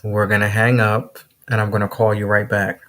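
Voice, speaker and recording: A man hosting a casual podcast interview, laid-back and quick to laugh. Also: lowish voice, flat delivery, a bit bright. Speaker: podcast host.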